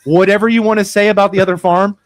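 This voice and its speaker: A man's voice: sits high, fast talker, no echo. A man co-hosting a local podcast, telling stories casually and trailing off with fillers into a studio microphone. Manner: relaxed storyteller, trails off with fillers. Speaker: podcast co-host. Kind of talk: casual banter.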